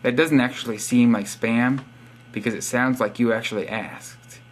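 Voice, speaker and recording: A man's voice: medium pitch, steady tone, moderate pace, faint music behind. A young man reading out subscriber profiles in a casual, sarcastic, teasing monologue. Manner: sarcastic teasing, reads profiles aloud with wry asides. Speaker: vlogger giving subscriber shoutouts.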